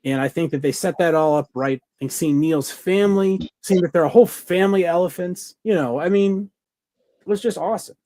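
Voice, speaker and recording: Another podcast co-host joins the casual review chat, sounding eager and rambling, leaning on fillers and restarts. His voice sits high and dark, brisk in pace, on a dry recording.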